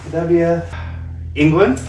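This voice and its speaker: A man's voice: a little high, moderate pace. A man hosting a home project video, chatting casually and joking while he assembles something. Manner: joking, offhand commentary. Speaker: channel host. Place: garage or home room. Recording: echoey room, mic at a distance, noisy.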